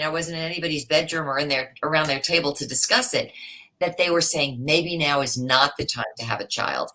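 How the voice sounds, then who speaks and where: A woman speaking as a panelist on a live webinar video call, telling personal stories in a lively way. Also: rumbling low.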